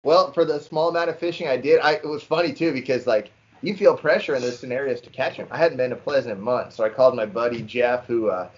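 A man's voice: mid-range voice, quick pace, hardly any pauses. Een jonge Amerikaanse man vertelt geanimeerd en informeel een verhaal aan zijn vrienden in een podcast. De opname klinkt een beetje dof en lo-fi. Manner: animated storyteller, says "dude" often. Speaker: podcast co-host. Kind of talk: casual chat, storytelling. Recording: slightly dull lo-fi sound.

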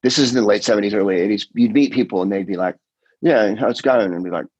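Husky middle-aged man telling rambling stories. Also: lowish voice, racing, no room sound, low-quality recording. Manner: rambling, animated storytelling with quoted voices and swearing. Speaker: comedian and podcast host. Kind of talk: casual chat.

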